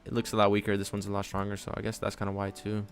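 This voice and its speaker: A man with a low, gravelly voice chats through his live trading session from his desk at home. He rambles and thinks aloud in a loose, casual way, with faint music playing behind him. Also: completely flat delivery, rapid-fire. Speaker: day-trading live streamer. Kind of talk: casual live-stream commentary.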